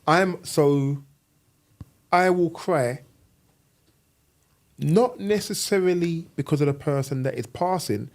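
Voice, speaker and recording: Thoughtful middle-aged man, slightly high voice. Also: slow pace, long pauses. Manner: thoughtful, openly emotional. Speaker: podcast co-host. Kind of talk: casual group chat.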